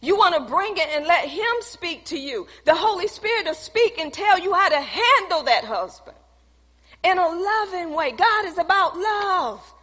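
A high, bright-voiced woman preaching a sermon, turning personal testimony into a lesson. She speaks conversationally and calls out to the congregation. Her voice rings with long reverb from a church hall. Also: lively intonation, moderate pace.

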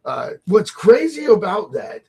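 Lively, laughing male radio host. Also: high voice, a little slow, creaky, slightly rough. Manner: animated, laughing often, acts out voices in quotes. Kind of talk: casual radio chat about faith.

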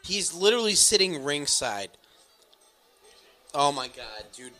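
A man co-hosting a podcast, giving casual, profane commentary over a wrestling show, exasperated and ranting, dropping to mutters and then jumping to shouts. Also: fairly high pitch, very animated, unhurried, faint music behind. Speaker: podcast co-host.

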